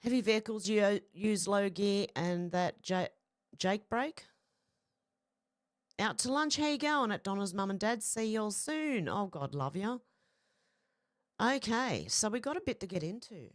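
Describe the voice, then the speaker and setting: A woman's voice: medium pitch, expressive, measured pace, no room sound, studio quality. An Australian woman hosting a casual livestream, chatty and greeting viewers by name. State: sore back. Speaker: livestream host.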